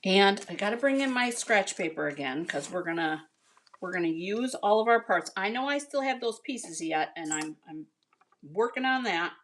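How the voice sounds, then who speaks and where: A woman's voice: medium pitch, expressive, normal speed, a bit bright, a little hiss or hum. An American woman chatting casually with viewers as she demonstrates a card-making project, calling them "you guys" and "honey.". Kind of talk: casual craft tutorial.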